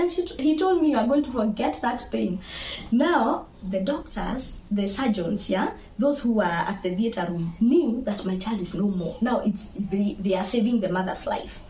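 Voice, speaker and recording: A young Kenyan woman with a Kenyan accent, telling her own birth story to viewers in a lively, laughing way and slipping into Swahili. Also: mid-range voice, moderate pace, a little hiss or hum. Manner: animated, laughing, mixes Swahili into English. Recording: echoey room.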